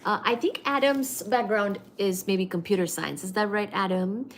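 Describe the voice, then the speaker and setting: A woman's voice: medium pitch, moderate pace, a little hiss or hum. A woman hosting a casual livestream at home, reading viewer comments aloud and thanking them effusively, with lots of fillers. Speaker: livestream host.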